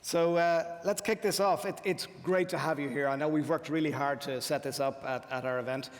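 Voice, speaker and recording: A man's voice: a little high, fairly even intonation, normal speed. A man hosting a live event, introducing a remote guest and moderating a Q&A in a friendly, upbeat way. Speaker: event host. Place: large event hall with audience. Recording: reverberant hall.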